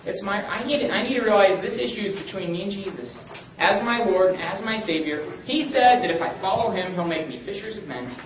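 A man leading a Bible study group, reading verses aloud and calling on listeners by name in an animated way. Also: sits high, brisk, echoey room, distant mic, muffled recording, slight background noise. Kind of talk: teaching a group with questions. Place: room with a small group.

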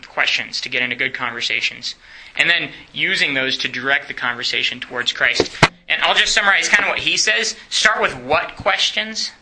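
A man's voice: fairly high pitch, gravelly, pushed and bright, poor audio. A man teaching a church class in a chatty way, often asking the room questions and laughing.

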